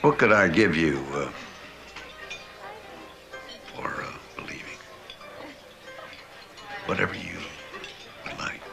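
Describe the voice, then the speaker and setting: A shy stammering boss with a very deep voice. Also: male voice. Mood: earnest. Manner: halting, stammering with fillers. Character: hesitant shy middle-aged male employer. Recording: film scene with music behind.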